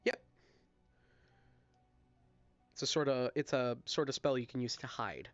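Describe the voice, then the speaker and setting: Acting as dungeon master in a casual online tabletop game, a man narrates loosely, apologizing now and then and coughing at times. His medium-pitched voice moves a little fast, in a dry, lo-fi recording.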